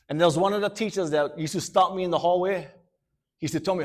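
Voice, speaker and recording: Hawaiian Pidgin male speaker at a school, animated and laughing, with a slightly high voice. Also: quick pace. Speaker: motivational speaker. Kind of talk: storytelling to students.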